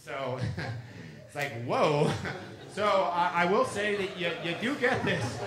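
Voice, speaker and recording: Bright-voiced man telling stories in a talk. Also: high-pitched, big pitch swings, slow pace. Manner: chatty anecdotal storyteller who acts out quoted dialogue. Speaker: author giving a public talk. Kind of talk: lecture with storytelling. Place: lecture room with an audience. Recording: roomy echo in a lecture room.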